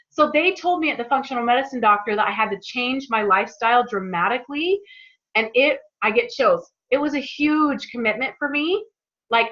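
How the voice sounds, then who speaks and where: A woman's voice: on the high side, fairly bright tone, highs cut off. A woman talking casually to a group on a call, chatty and earnest, openly emotional as she shares her story. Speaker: product presenter.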